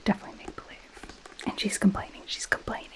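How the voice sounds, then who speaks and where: Speaking fast over poor audio, a woman ASMR creator whispers in character as a possessive goth girlfriend, mocking a book with dry sarcasm as she reads it aloud.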